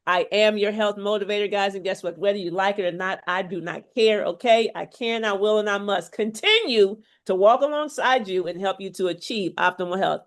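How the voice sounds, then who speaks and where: A woman's voice: medium pitch, brisk, hardly any pauses. A woman health coach giving an emphatic, preachy motivational talk, full of faith, repeating "okay?" to drive each point home. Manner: faith-filled and exhortative.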